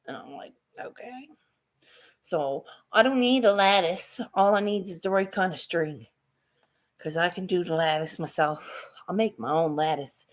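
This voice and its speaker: A woman vlogging casually outdoors in her garden, rambling excitedly and swearing freely. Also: fairly low pitch, normal speed. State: a little out of breath.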